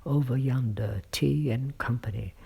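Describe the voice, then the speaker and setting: A man's voice: medium pitch, measured pace, gravelly, dark tone, slightly rough, pitched above the performer's own voice, exaggerated voice. A man voicing a messenger calling out urgently from the mist.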